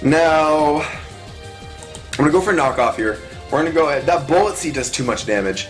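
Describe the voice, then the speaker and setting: A young man giving chatty, excitable live commentary on his own gameplay, talking through each move. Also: a little high, normal speed, soft background music. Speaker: gaming commentator.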